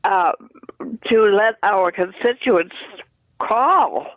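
A man hosting a local interview, hoarse and hesitant as he rambles through his questions with many restarts. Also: high voice, animated, extremely slow, no echo, dull audio. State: hoarse morning voice.

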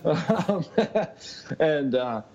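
A man's voice: fairly high pitch, animated, extremely slow, vocal fry, a little mellow. A man telling a long personal story in casual talk, laughing often and full of fillers. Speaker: interview guest. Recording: muffled lo-fi sound.

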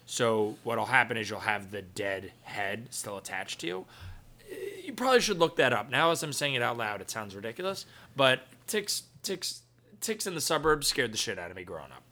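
A man's voice: mid-range voice, very animated, normal speed, pushed and bright. A man from New York co-hosting a podcast, joking and asking lots of questions. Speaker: podcast co-host. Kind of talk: casual chat.

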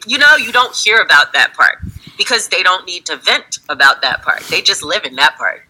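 A woman's voice: fairly low pitch, expressive, moderate pace, pushed and bright, rough recording. A woman in casual conversation, telling stories animatedly, acting out her friends in quotes and laughing often. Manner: laughs often while talking. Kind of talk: casual chat.

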